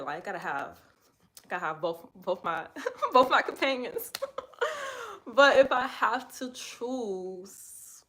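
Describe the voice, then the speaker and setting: A young woman instructor leading a live yoga class. She chats casually with viewers and guides breathing and poses in a steady, easy voice. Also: medium pitch. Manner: casual slangy chat, laughs often, reads viewer comments aloud; soft, steady breathing cues while guiding poses.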